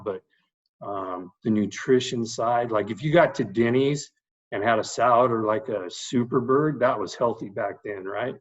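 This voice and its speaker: Lo-fi middle-aged man telling stories. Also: mid-range voice. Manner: animated anecdotes with fillers. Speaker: guest, baseball head coach. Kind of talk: casual podcast storytelling.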